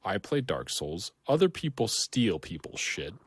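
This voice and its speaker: A man co-hosting a casual rewatch podcast, making wry deadpan jokes. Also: low voice, unhurried, husky, dry recording. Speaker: podcast co-host.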